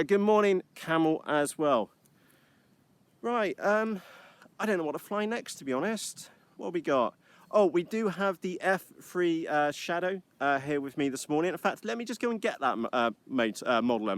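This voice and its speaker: A British man hosting a live stream from a field, chatting casually and rambling cheekily with many uhs, recorded on an iPad. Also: a little high. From United Kingdom. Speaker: livestream host flying model aircraft. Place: outdoors in a field.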